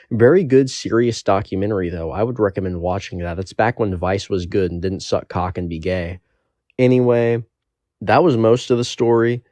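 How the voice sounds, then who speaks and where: A man's voice: deep voice, a little mellow, dry recording. A young man telling a rambling, profane story in a casual storytime monologue.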